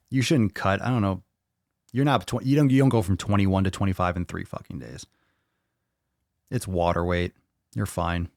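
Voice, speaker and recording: A man with a lowish voice, recorded dry and close, running a casual live fitness Q&A. He reads out viewer questions and answers them bluntly, swearing freely. The delivery is loose, offhand and unscripted. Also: gravelly, no echo. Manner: blunt and profane, reads questions aloud then rants.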